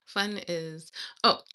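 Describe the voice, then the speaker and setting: A woman's voice: fairly low pitch, pushed and bright, clear, resonant tone. A woman chatting to viewers in a casual study vlog, reading practice exercises aloud and giggling as she works. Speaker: language learner vlogger.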